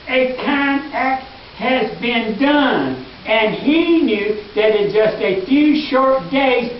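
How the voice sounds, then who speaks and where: A male pastor preaching a sermon in a church, earnest and emphatic, dropping into quiet asides. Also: extremely high pitch, a little hiss or hum. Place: church sanctuary. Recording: echoey hall, distant mic, dull lo-fi.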